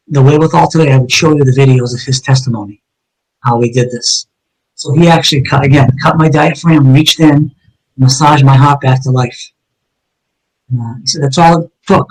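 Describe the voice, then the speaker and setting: A man's voice: mid-range voice, rough recording. A middle-aged man, a retired detective, earnestly recounting a personal story as an interview guest, acting out the dialogue vividly.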